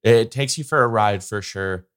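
A man's voice: fairly low pitch, normal speed, fairly bright tone. A young man hosting a casual solo podcast, rambling and opinionated, with lots of fillers. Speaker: podcast host.

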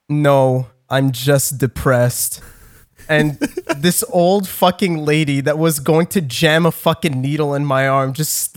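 Swearing young man telling a story. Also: a little high. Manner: rambling storyteller, swears a lot, laughs often. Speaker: podcast co-host. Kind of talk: casual chat.

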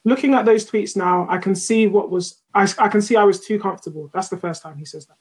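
A woman's voice: medium pitch, fast, slightly rough, rough recording. A woman co-hosting a casual podcast discussion, reading posts aloud with frequent ums and laughter. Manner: animated, laughs often, trails off with ums. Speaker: podcast co-host.

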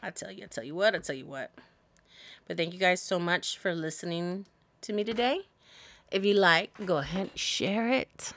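A woman's voice: medium pitch, animated, moderate pace, a bit bright, no room sound. A woman hosting a solo podcast, giving blunt, profane, sassy advice in a casual monologue. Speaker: podcast host.

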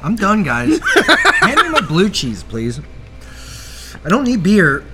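A man's voice: sits high, wildly swooping pitch, slow pace, loud music behind the voice. A podcast host man, teary and sniffling, groaning and laughing through a hot wing challenge in casual chat. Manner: groaning and laughing, overwhelmed by heat.

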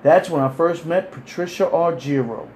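A man telling crude stories in casual chat, animated and acting out the people he quotes. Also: on the high side, moderate pace, a little hiss or hum. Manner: animated, acts out quoted voices. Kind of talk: casual profane storytelling.

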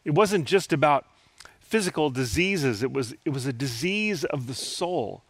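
A man's voice: on the high side, lively intonation, measured pace, fairly bright tone, breathy edge, no echo. A man preaching a sermon in an earnest, conversational way, asking his listeners rhetorical questions. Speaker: pastor.

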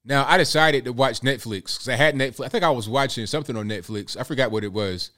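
A man's voice: mid-range voice, fast talker, bright, forceful tone. A young man hosting a reaction commentary, talking bluntly and repeating himself in a conversational way. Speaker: commentary host.

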